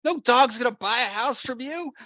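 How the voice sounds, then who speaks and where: A woman's voice: fairly high pitch, animated, moderate pace, bright, forceful tone, dry recording, voice pushed up. A man voicing an exasperated woman on an old flip phone, incredulous and scolding.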